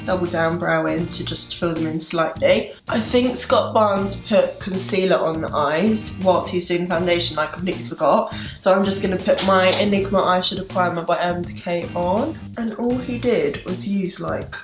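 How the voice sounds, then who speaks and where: A woman's voice: on the low side, normal speed, few pauses. English woman beauty vlogger, chatty and self-mocking, roomy echo with music under her. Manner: chatty and self-deprecating, laughing at her own mistakes. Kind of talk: casual makeup tutorial chat.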